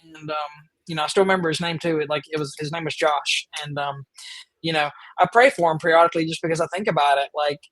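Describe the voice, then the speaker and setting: A man with a drawl tells a story on his podcast, his voice pitched a bit above the usual male range. He rambles eagerly and leans on fillers. The sound is dry and close, with no room around it. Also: fast talker, fairly bright tone, no room sound, low-quality recording. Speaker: podcast host. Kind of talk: casual storytelling chat.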